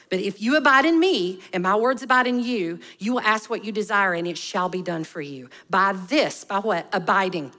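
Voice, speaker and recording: A woman's voice: mid-range voice, fairly bright tone. A woman, preaching a conversational sermon full of rhetorical questions. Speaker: pastor.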